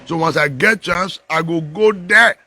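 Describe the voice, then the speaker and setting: A man with a Nigerian Pidgin accent talks in a loose, unscripted live chat, swinging between laughing asides and churchy exhortation. His voice sits a bit high for a man and comes across bright and forceful. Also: unhurried, no echo. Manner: animated, laughing, preachy, mixing Pidgin and English. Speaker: political commentator.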